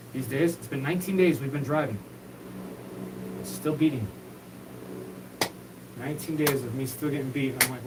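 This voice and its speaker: A man's voice: on the high side, noisy background. Rambling profane man, far from the mic. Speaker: show host. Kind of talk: rambling solo monologue.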